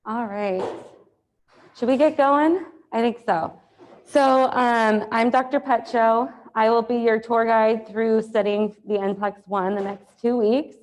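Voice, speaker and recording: An upbeat woman leads an exam review class, her voice hoarse from allergies. She talks in a chatty, encouraging way, full of fillers, into a lapel mic in a classroom. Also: fairly high pitch, steady tone, slow. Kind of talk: classroom lecture.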